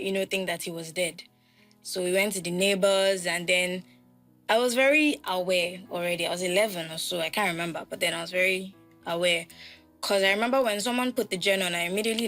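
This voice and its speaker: A young woman hosting a podcast, telling a personal loss story reflectively and acting out the people she quotes. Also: mid-range voice. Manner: reflective, animated when quoting people. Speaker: podcast host.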